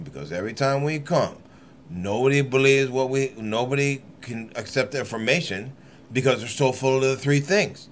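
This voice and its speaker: On his channel, a man whose medium-pitched voice has a fairly bright tone reads from scripture, a faint hiss or hum underneath. The reading is casual, and he repeatedly drifts off into irreverent, rambling remarks and laughs a lot.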